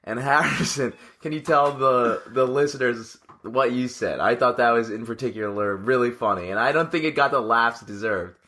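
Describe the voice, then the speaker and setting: Bright-voiced young man, laid-back chat. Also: medium pitch, moderate pace, hardly any pauses. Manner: laid-back, laughs often. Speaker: podcast co-host. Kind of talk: casual chat.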